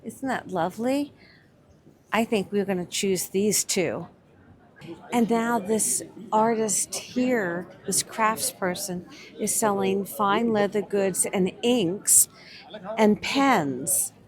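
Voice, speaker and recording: A woman talks slowly and gushes over handmade crafts as she walks through a winter market. Her commentary is casual and enthusiastic, with a mid-range voice and an unhurried pace. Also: medium pitch. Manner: gushing, enthusiastic, admiring. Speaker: vlog co-host shopping a market.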